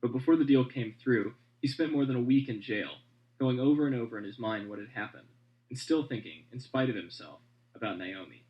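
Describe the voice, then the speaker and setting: A man reporting in measured, scripted radio narration and asking interview questions. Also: mid-range voice, muffled recording.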